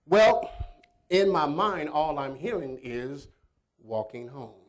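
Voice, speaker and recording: A man hosting a faith-based motivational show, telling a story in an animated, emphatic way and talking straight to his audience. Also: a little high, slow pace, pauses often. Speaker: host and motivational speaker.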